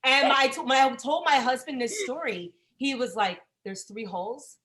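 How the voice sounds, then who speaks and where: A woman in her forties doing a profane, chatty stand-up set that bursts into loud exasperated rants. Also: sits high, expressive, normal speed. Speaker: stand-up comedian.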